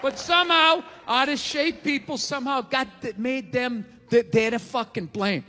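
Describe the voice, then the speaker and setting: High, bright ranting stand-up comedian man. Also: normal speed. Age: 40s. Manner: ranting, exasperated, profane. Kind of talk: stand-up routine. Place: large theater stage. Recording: live theater with long reverb. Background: audience laughter.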